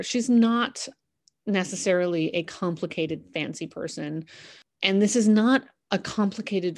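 Chatty woman enthusing about a musical. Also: on the low side. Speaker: podcast host analysing a musical. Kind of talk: casual analytical commentary.

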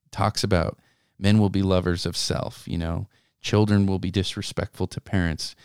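This young man's voice is low, level and a little mellow, at a moderate pace, recorded cleanly in a studio with no echo. As co-host of an earnest devotional conversation, he reads scripture aloud, reflects on it, and frequently restarts or wanders into asides.

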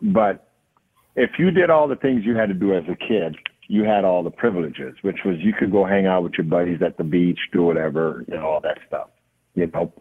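A man with a Jamaican accent, a guest in a casual interview, telling stories in a relaxed way with many fillers. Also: deep voice, fairly quick, breathy edge. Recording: phone-line audio.

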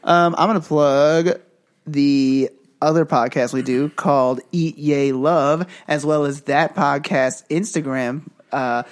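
A man co-hosting a casual podcast, telling stories in a joking, animated way. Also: on the high side, takes it slowly. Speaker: podcast co-host.

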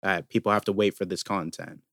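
A man's voice: sits low, steady tone, fairly quick, gravelly, fairly bright tone, no room sound, studio quality. A man co-hosting a casual gaming podcast, explaining things at length with lots of fillers. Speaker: podcast co-host.

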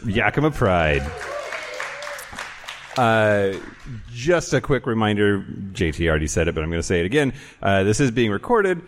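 A man hosting a live podcast show, talking casually and joking with the crowd. His voice is fairly low-pitched but swings widely and animatedly, full of ums and uhs as he riffs. He speaks into a stage mic in a brewery. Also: very animated, normal speed, noisy background. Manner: casual, joking, lots of fillers. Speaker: podcast co-host. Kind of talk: live podcast chat before an audience. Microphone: handheld stage mic.

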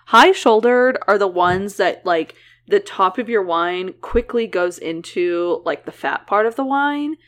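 A woman's voice: medium pitch, animated, a little slow. A woman co-hosting a podcast, chatting casually and animatedly, often laughing. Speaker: podcast co-host. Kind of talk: casual chat.

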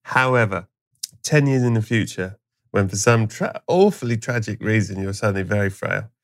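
A man hosting a podcast, spinning absurd comic stories and dropping into hushed voices for the people in them. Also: on the low side, animated, normal speed. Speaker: podcast host. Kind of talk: comic storytelling chat.

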